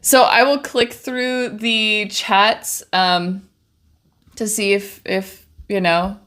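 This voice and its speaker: A woman's voice: mid-range voice, steady tone, extremely slow, a bit bright. A young woman livestreaming from her home studio while she paints, chatting in a bubbly, rambling way into a desk microphone. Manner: chatty, bubbly, trails off and restarts. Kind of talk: casual chat while painting.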